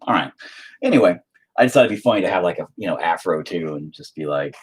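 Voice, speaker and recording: A man's voice: sits low, lively intonation, fast talker, husky. A man chatting casually while he paints, rambling and joking with frequent swearing. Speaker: painting streamer.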